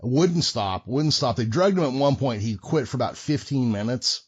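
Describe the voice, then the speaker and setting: A man's voice: medium pitch, moderate pace, slightly rough. A man hosting a podcast, telling a story in a casual, profane, wry way. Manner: profane, wry, animated retelling. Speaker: podcast host. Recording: muffled lo-fi audio.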